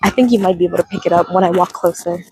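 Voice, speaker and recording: A woman's voice: on the low side, fairly even intonation, very fast, darkish tone, slightly rough, low-quality recording. A woman livestreaming as she walks through a park outdoors, chatting and greeting viewers by name, recorded on a handheld phone. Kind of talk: casual livestream chat.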